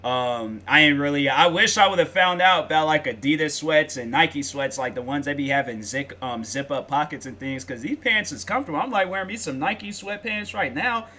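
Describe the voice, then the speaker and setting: A man's voice: a little high, expressive, moderate pace, hardly any pauses, pushed and bright, a little hiss or hum. A young man hosting a reaction video, talking casually in slang with lots of fillers and rambling stories.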